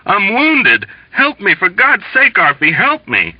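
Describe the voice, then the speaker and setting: A man's voice: sits high, wildly swooping pitch, measured pace, husky, no echo, lo-fi sound, pitched above the performer's own voice, heavily acted. A man voicing a wounded young airman who screams and pleads for help. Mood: panicked.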